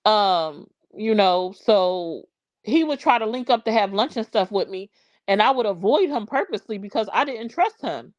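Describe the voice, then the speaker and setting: A woman's voice: mid-range voice, expressive, normal speed, no room sound, muffled recording. A woman in her forties tells a personal story casually on a live stream, full of slang and greeting viewers mid-story.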